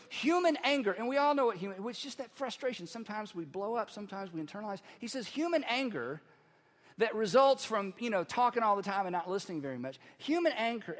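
A man preaching with a fairly high voice, moving between loud emphatic lines and quiet asides. He speaks in a conversational, animated style and acts out the people he quotes. The sound carries the long reverb of a large church hall. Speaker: pastor. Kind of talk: sermon.

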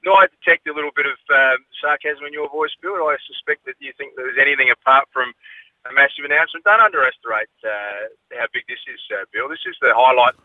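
A man from South Australia calls in to a radio show and chats casually, hesitating with many fillers and laughing often. His medium-pitched voice is fast and dry, with a tinny phone-line radio sound.

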